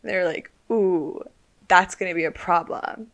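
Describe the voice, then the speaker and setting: A woman's voice: lowish voice, normal speed. Playful woman improvising a comic story. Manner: playful, giggly, animated storytelling. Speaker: podcast co-host.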